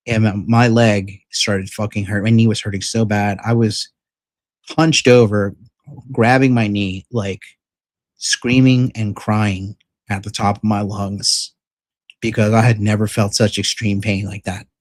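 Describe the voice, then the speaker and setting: Male vlogger, low register, rambling and profane, dry close sound. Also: little pitch movement, a little slow, no room sound. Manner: rambling, profane, filler-heavy retelling; frank and emphatic. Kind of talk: casual storytelling vlog.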